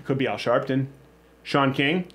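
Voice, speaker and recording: A man's voice: mid-range voice, measured pace, a bit bright. A man hosting a comedy show, bantering through a party game in a teasing, sarcastic way and laughing often.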